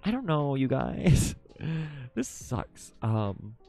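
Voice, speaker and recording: A man streaming live while drawing, chatting casually with viewers, excitable, swearing a lot and laughing often. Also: medium pitch, slow, vocal fry, soft background music.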